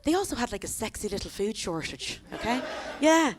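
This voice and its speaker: A woman in her thirties with an Irish accent, performing a chatty, animated stand-up set on a comedy club stage, tossing quick asides to the crowd. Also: on the high side, background noise. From Ireland. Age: 30s.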